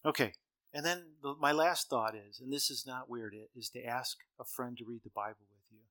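A middle-aged man tells stories from the stage in a bright, forceful voice, easy and conversational. He slips into the lines of the people he quotes and chuckles at his own jokes. The sound is dry and close, with little room around it. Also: mid-range voice, fairly quick, no room sound. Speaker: speaker. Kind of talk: humorous storytelling talk.

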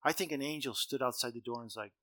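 A man's voice: medium pitch, fast talker, fairly bright tone, no room sound. A middle-aged man giving a talk as a speaker, telling humorous stories in a conversational way and acting out the dialogue. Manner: conversational, acts out dialogue, chuckles at own jokes.

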